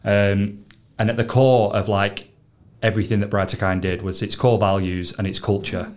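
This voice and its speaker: Relaxed man, lowish voice, casual fillers. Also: normal speed. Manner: relaxed, filler-heavy, uses "like" and "sort of" often. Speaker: guest. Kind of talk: casual interview talk.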